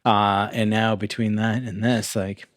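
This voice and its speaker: A low-voiced man co-hosting a relaxed podcast, musing slowly and thinking out loud. He hedges with fillers, and his voice often drops away at the ends of his thoughts. The sound is close and dry. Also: dry recording. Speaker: podcast co-host. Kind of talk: casual chat.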